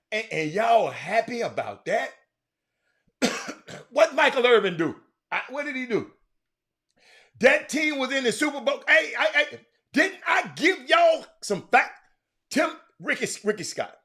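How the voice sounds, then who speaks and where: A male host rattles through sports talk with a high, lively voice that leaps all over the place. He teases the fans and shouts out names from the chat, and he trips over his own words as he goes. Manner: loud, excitable, teasing, repeats words, sudden shouts. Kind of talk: animated sports talk, reading live chat.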